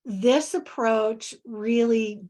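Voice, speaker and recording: A woman presenting on reading instruction in a webinar, answering questions in a halting way with many pauses and word examples. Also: fairly high pitch, fairly even intonation, dark tone. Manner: halting, many fillers and restarts.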